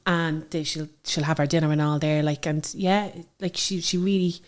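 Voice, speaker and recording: A woman in her thirties with an Irish accent, telling stories about her daughter in a chatty, animated way. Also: low voice, moderate pace. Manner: chatty, animated storytelling with frequent fillers. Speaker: interview guest, mother. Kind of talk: casual conversational interview.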